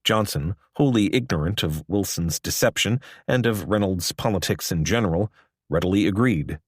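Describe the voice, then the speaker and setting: Low-voiced male audiobook narrator. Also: moderate pace, breathy edge, no echo, studio quality.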